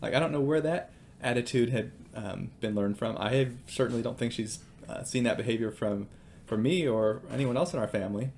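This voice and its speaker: A man's voice: medium pitch, brisk, darkish tone, slight background noise. A man and father giving casual devotional teaching with personal stories, hesitant and full of ums and uhs.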